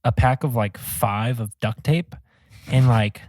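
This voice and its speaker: A man's voice: mid-range voice, takes it slowly, a little mellow, no echo, studio quality. A young man co-hosting a casual podcast, teasing the others and laughing often. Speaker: podcast co-host. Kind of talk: casual chat.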